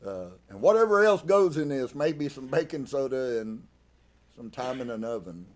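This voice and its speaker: A man's voice: mid-range voice, lively intonation, moderate pace. A man leading a live-streamed Sabbath service, preaching in a conversational way with many restarts and sudden shifts in emphasis. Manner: conversational, with frequent restarts and emphatic swings in loudness. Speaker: congregation leader. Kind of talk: casual live-streamed sermon.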